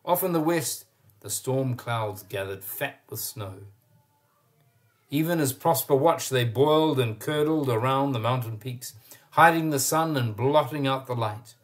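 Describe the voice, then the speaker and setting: A man reading a children's storybook aloud at a middling pitch, expressive in his telling. He stops now and then to point out what the pictures show. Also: unhurried.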